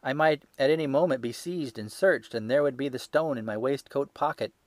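A man voicing a terrified young male hotel thief who pleads desperately with a shrill, high voice. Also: brisk, no echo, close to an everyday voice. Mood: anxious confessing.

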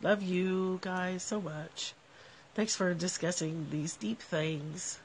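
A woman with a nasal, gravelly voice chats casually to her live viewers about spiritual ideas. She sounds relaxed and reflective, laughs often, and talks into a phone, with a faint hiss underneath. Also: fairly low pitch, slow pace. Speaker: live stream host.

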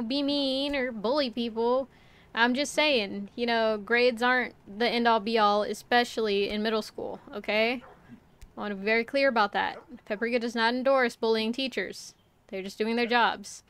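A young woman livestreams a game and talks to her chat in a loose, rambling way. Her voice sits fairly high. Her chatter is casual and she swears when the game frustrates her. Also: a bit bright, smooth. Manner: talks to chat while playing. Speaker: VTuber streamer.

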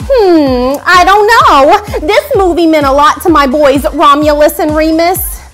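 A woman's voice: high voice, unhurried, a bit bright, faint music behind. A woman playing a dotty garage-sale mom. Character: eccentric, sentimental garage-sale mother. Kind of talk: children's church skit.

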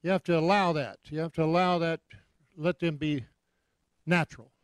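A man preaching, telling anecdotes with lively delivery and repeated punchlines. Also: fairly high pitch, normal speed, smooth, no echo. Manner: animated storyteller, repeats punchlines. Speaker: guest preacher. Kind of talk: anecdotal sermon. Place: church.

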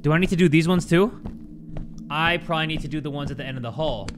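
A man giving jokey, animated commentary to his viewers while playing a horror game, with game music behind him. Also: fairly high pitch, fast, slight background noise. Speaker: gaming YouTuber. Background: game music and sound effects.

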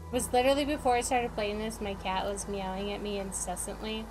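A woman's voice: mid-range voice, normal speed, hardly any pauses, over music, low-quality recording. A woman giving playful, goofy let's-play commentary, full of silly made-up words and sound effects. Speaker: gaming video creator.

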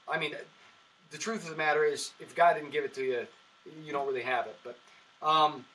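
A comedian telling stories on a podcast in a high, bright voice. He rambles easily, circling back with "uh" and restarts as he talks. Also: steady tone, a little fast, rough recording. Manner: rambling storyteller, many fillers and restarts. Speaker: comedian guest. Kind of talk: casual podcast chat.

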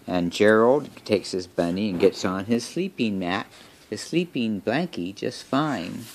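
Very deep-voiced woman telling a story. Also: expressive, slow, warm tone, a little hiss or hum. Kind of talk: telling a made-up bedtime story with toys.

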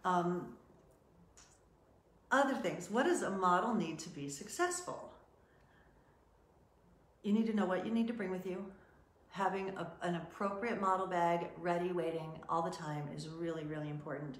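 A woman's voice: on the low side, moderate pace, pauses often, echoey room. A middle-aged woman, a modeling agent, teaching in a chatty way and acting out what clients said. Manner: chatty, animated, acts out quotes from clients. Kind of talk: casual teaching talk.

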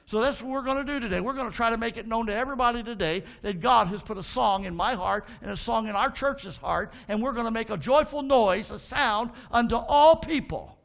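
Male pastor in the pulpit, high and gravelly, fervent call-and-response preaching with folksy asides. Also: brisk, hardly any pauses, fairly bright tone. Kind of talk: sermon. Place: church sanctuary.

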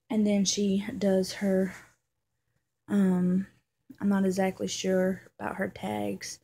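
A woman with a drawl chats through a casual unboxing vlog, gushing and close to tears. Her voice is dark and gravelly, with a husky edge, and she often sinks into a soft whisper between ums. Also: medium pitch, level tone, slow. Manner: gushing, emotional, with many fillers. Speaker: vlogger.

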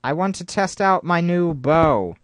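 A man giving rambling gameplay commentary, talking to himself with excitable outbursts. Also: on the high side, measured pace, dry recording. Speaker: let's play host.

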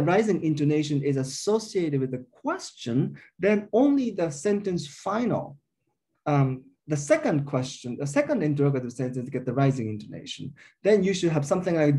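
A man with as his delivers an academic linguistics lecture in a mellow, slightly raised voice. His pitch rises and falls a lot as he explains each point step by step. He fills his pauses with frequent uh and um. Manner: explanatory, thinking aloud with frequent uh and um.

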